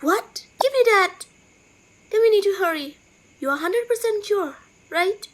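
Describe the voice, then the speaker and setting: A woman's voice: very high voice, expressive, normal speed, low-quality recording. A woman voicing a worried mother who scolds and pleads with her son. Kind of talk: fan machinima voice acting.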